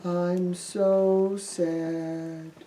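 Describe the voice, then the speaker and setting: A woman voicing the gloomy doubting disciple Thomas, talking slowly and heavily, recorded from a distance in an echoey room. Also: fairly low pitch, little pitch movement, warm tone, pitched below the performer's own voice. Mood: mopey. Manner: slow, mopey and heavy.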